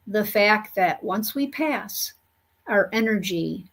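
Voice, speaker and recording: Woman medium talking slow n earnest, lots of you knows, middle pitch. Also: expressive, a bit bright. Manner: slow, earnest, many "you know" fillers. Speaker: spiritual medium. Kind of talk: storytelling monologue.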